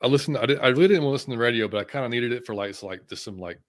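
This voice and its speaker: A man's voice: mid-range voice, very fast, dry recording. A man hosting a fan podcast, chatting casually and greeting viewers from the live chat by name. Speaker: podcast host. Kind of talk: casual sports talk, reading live chat.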